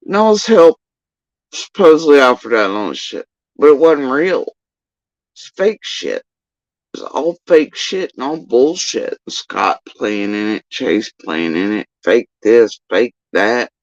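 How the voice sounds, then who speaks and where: On a livestream, a man tells a long, agitated, profane story about his own life, repeating himself as he rambles. His medium-pitched voice is very animated but slow. The audio is dry, dull, and lo-fi, typical of a stream.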